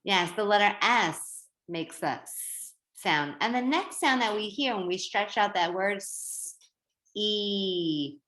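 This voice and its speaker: A woman teacher giving a reading lesson to young children, slow and sing-song, stretching out words. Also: medium pitch, animated, a bit bright. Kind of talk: early-grade reading lesson. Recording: roomy echo.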